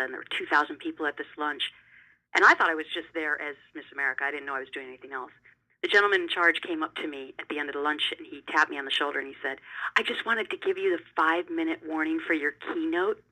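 Bright-voiced woman telling stories animatedly. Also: sits low, very fast, faint music behind, rough recording. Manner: animated, emphatic, repeats words when excited. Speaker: interview guest, television host. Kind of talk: conversational interview storytelling.

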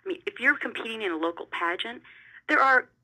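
A middle-aged woman speaks as an interview guest with a strikingly bright, piercing tone. She tells stories with emphatic energy and sometimes repeats words as she rushes on. The sound is thin, like a radio or phone line. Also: fairly high pitch. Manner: animated, emphatic, repeats words when excited. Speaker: interview guest, television host. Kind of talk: conversational interview storytelling.

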